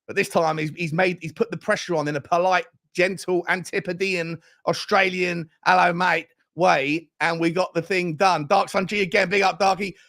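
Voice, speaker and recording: A man hosting a fan show livestream, reading out viewer super chats with excitable, slangy banter. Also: sits high, normal speed, hardly any pauses.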